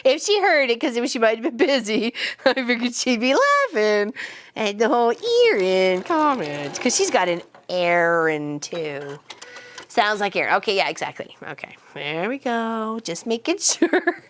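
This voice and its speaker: Woman streamer, higher-pitched, chatty and giggly, teases the chat. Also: big pitch swings, moderate pace, fairly bright tone. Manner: chatty, laughs often, teases viewers. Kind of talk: casual chat and storytelling.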